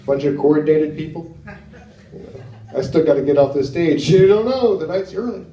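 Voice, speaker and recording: An American man performing a stand-up comedy set on a club stage, talking in a halting way with many fillers and asides to the crowd. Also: on the high side, mellow. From United States. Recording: roomy venue sound from a distance.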